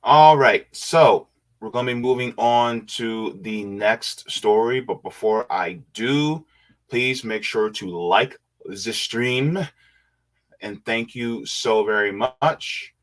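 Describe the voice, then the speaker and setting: A man hosts a casual livestream, reading viewer comments out loud and musing over them in a laid-back way with quiet hums. His voice is medium-pitched and slow.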